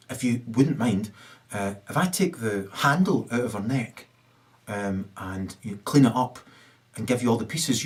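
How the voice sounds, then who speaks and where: A man playing a fawning concert hall usher who speaks softly and hesitantly, full of fillers. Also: fairly low pitch, recorded from a distance, pitched below the performer's own voice, natural voice. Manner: soft, hesitant, full of ums and uhs.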